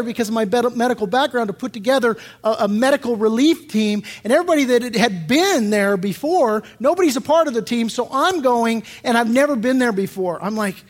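An older man, a pastor, preaching a sermon and telling stories, acting out prayers and quotes as he goes. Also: high voice. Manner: animated storytelling preacher, acts out prayers and quotes.

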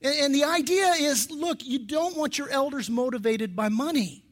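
A man's voice: very high-pitched, moderate pace. A male pastor giving a sermon in a conversational, emphatic way, with many restarts and personal stories.

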